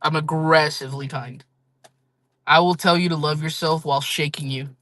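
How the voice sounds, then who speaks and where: A woman's voice: low-pitched, fairly even intonation, moderate pace, fairly bright tone. A woman chatting casually on a livestream with her viewers, blunt and frank, laughing often and swearing freely.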